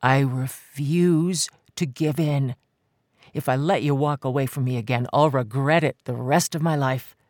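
As an audiobook reader voices him, a devoted man speaks calmly and firmly, refusing to back down. His voice stays close to the reader's own, slow and even. The read is dry, with no room sound. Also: no room sound, natural voice. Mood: tender. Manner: calm, firm, low-key. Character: determined man, calm, insistent, devoted. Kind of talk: audiobook character voice.

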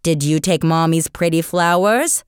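A woman voicing a fussy, worried mother who speaks slowly and firmly to her toddler. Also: low-pitched, clear, resonant tone, no room sound, studio quality. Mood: coaxing. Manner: slow, emphatic coaxing to a toddler.

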